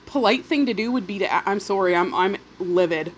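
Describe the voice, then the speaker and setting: A woman vlogger telling a storytime while eating, indignant and animated, with swearing and pauses to chew. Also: medium pitch, slight background noise. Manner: pauses to eat, chewing between phrases. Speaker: mukbang vlogger.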